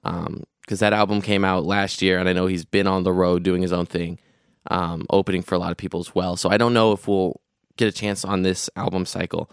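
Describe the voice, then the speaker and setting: A young man with a low, smooth, resonant voice, talking casually on a podcast. He rambles, restarts and piles on fillers as he tells his story. The close mic leaves the sound dry, with no room around it. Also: flat delivery, fairly quick, dry recording. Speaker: podcast co-host recounting a festival trip. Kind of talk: casual chat.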